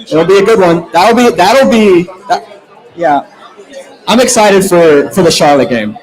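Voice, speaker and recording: A man with a high voice offers predictions on a live soccer show, stumbling over repeated words as he thinks. A faint crowd hums in the background. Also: expressive, a little slow, low-quality recording. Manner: hesitant, repeats words while thinking aloud. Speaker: podcast co-host.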